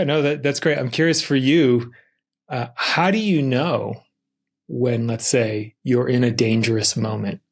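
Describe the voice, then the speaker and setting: Male host, husky, gravelly; relaxed, curious interviewer. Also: medium pitch. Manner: curious, relaxed questioning with fillers. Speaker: podcast host. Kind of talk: casual interview.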